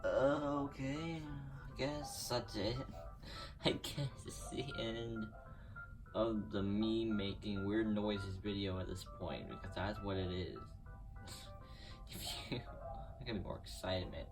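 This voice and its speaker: A man giving casual commentary over his own gameplay, excitable and prone to groaning and pleading at the game. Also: fairly low pitch, slow pace, recorded from a distance. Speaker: gaming YouTuber. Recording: voice a bit off-mic over loud game music. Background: video game music.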